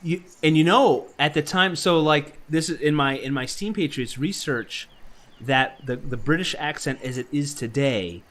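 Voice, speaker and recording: A man's voice: a little high, moderate pace, fairly bright tone, slight background noise. A man co-hosting a casual group podcast, rambling through history trivia with many fillers and restarts. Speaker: podcast co-host.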